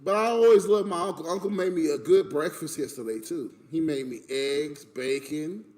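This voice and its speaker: A man telling a story about his family in an animated, emphatic way. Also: a little high, normal speed. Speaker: streamer in a played clip. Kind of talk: casual storytelling rant.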